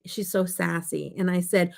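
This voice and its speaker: A woman's voice: on the low side, fairly even intonation, normal speed, gravelly. An older woman chatting casually on her makeup vlog, telling family stories and reading chat comments aloud. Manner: chatty, storytelling, reads live chat aloud. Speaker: makeup vlogger.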